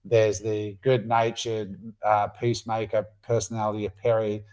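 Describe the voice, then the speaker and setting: A man's voice: fairly low pitch, moderate pace, smooth. A middle-aged man co-hosting a podcast, chatting casually and swearing freely. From Australia. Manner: animated, swears freely, acts out quotes. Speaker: podcast co-host.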